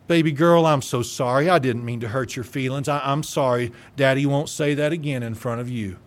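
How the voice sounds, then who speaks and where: A man's voice: medium pitch, a little fast, pitched below the performer's own voice, lightly acted. A man playing a timid father who stammers and pleads as he apologizes to his grown child. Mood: apologetic.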